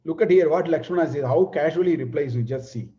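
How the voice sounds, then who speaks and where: A man teaching a scripture class, explaining Sanskrit verses word by word in an unhurried way. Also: a little high, mellow. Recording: dull lo-fi recording.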